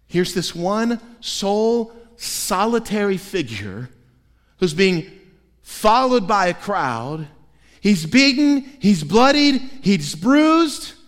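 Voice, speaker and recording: High-voiced pastor preaching in a reverberant hall. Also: male voice. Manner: dramatic storytelling, swinging between loud and hushed. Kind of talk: sermon. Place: church sanctuary. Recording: long reverb of a large hall.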